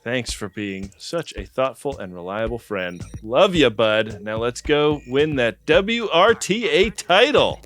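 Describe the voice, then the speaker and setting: A cheery, upbeat voice with a broad put-on Australian accent, as a man reads a fan message. Mid-range in pitch, bouncing brightly through the lines. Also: very animated, measured pace, few pauses, faint music behind.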